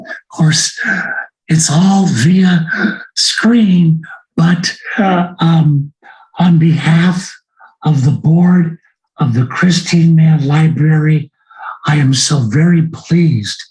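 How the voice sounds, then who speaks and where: A man speaking for a library board in slow, deliberate closing remarks, presenting an award over a video call. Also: on the high side, a little mellow, low-quality recording.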